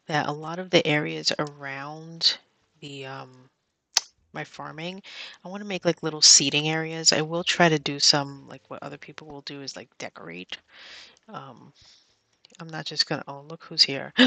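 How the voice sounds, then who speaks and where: A young adult woman streaming a cozy game, chatting casually and getting excitable as she plays. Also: low-pitched, gravelly, dry recording. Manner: chatty, excitable, bursts into squeals and whispers. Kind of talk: casual gameplay commentary.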